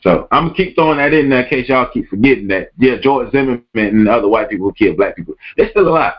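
A man's voice: medium pitch, animated, fast talker. Man ranting on a lo-fi podcast. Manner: emphatic, repeats words and phrases, calls the listener "bruh". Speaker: podcast host. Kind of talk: podcast rant.

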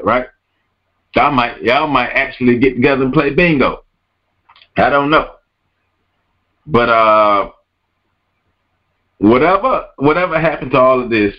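A man's voice: medium pitch, dull audio. A man hosting a podcast, ranting emphatically and repeating his words and phrases. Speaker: podcast host. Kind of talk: podcast rant.

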